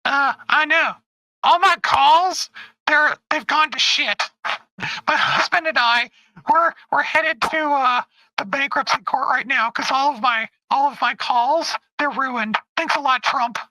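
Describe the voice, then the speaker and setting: A man doing a shrill panicked older woman. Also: measured pace, pushed and bright, dry recording, exaggerated voice, low-quality recording. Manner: high falsetto, stammering.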